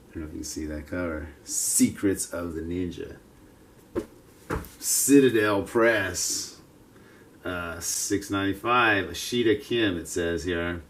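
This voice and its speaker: Fifties male vlogger, lowish voice, digressive and self-mocking, outdoor walk-and-talk. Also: a little hiss or hum. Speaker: martial arts vlogger. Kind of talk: casual rambling monologue. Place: outdoors, with passers-by around.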